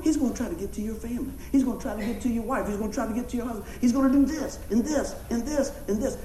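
Man, preaching, folksy and animated, fairly high voice, roomy echo. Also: a little hiss or hum. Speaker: pastor. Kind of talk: sermon with storytelling.

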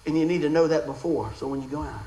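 A middle-aged man preaching a sermon, telling stories in an animated way with frequent laughter. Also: on the high side, quick pace. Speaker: pastor. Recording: echoey room with faint background noise.

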